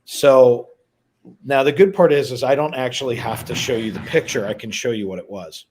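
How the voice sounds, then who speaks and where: Man, middle-aged, stream host, animated storyteller, acts out voices, mid pitch. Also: normal speed, a little hiss or hum.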